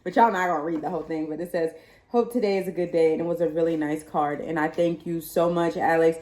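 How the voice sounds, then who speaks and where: A woman from Texas, chatting excitedly and laughing as she opens gifts on her vlog. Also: sits low, fast, echoey room. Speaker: vlogger. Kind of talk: casual unboxing chat.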